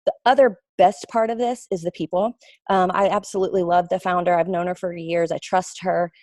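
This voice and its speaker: A woman's voice: on the low side, fairly quick, dry recording, clean studio sound. A woman, a network marketing recruiter talking casually and animatedly to her team. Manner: chatty, animated storyteller with playful quoted voices. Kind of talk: casual webinar talk.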